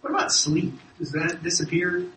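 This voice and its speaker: A man's voice: high-pitched, fairly even intonation, normal speed, sharp tone, a little hiss or hum. A man in class asking the teacher a curious question. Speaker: student. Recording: echoey room from far off.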